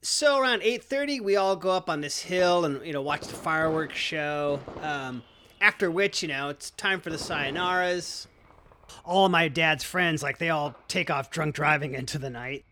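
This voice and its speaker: Man, storyteller, casual profane delivery, slightly high pitch, bright tense tone. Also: normal speed. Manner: casual, profane, heavy use of "like" and "you know". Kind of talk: first-person storytelling monologue.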